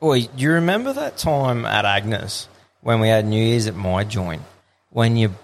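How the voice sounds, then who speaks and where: A man's voice: fairly low pitch, animated, a little slow, a little hiss or hum. A man with an Australian accent co-hosting a podcast, telling stories in a blokey, casual way and swearing freely. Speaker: podcast co-host. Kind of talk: casual chat.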